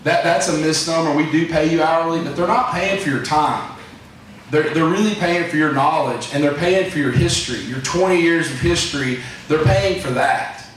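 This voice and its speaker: A man's voice: a little high, normal speed, fairly bright tone, a little hiss or hum. Folksy man, echoey distant room sound. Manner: folksy, rambling storyteller. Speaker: company president speaking to staff. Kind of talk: motivational talk to employees.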